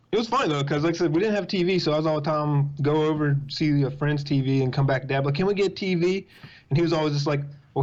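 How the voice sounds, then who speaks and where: A young man with a drawl chats as a podcast guest, his voice sitting a little high. He tells stories in animated, quick bursts. The sound is dull and lo-fi. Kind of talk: casual chat.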